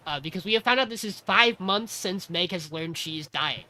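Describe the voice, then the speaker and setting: A man hosting a podcast, casually recapping an anime episode in an animated way. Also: high voice, normal speed, few pauses. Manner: animated, acts out character lines. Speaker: podcast host.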